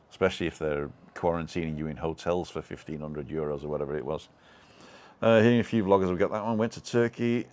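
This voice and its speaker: Man from the UK, very low voice, rambling live-stream chat, lots of ums and restarts. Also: a little mellow. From United Kingdom. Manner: rambling, chatty, with many fillers and restarts. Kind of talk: casual live-stream chat reading comments.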